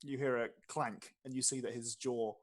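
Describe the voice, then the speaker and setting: A man's voice: medium pitch, steady tone, normal speed. Man narrating as game master. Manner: descriptive, with frequent fillers and restarts.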